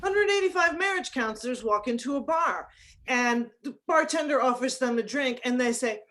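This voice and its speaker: A woman improv player eagerly telling a quick joke. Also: high voice, animated. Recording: noisy with clicks.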